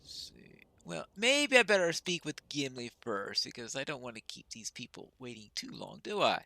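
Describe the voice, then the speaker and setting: A man's voice: mid-range voice, huge pitch swings, normal speed, pushed and bright, no echo. A man casually commenting while playing a game, with wry, chuckling asides. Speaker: gamer narrating a playthrough.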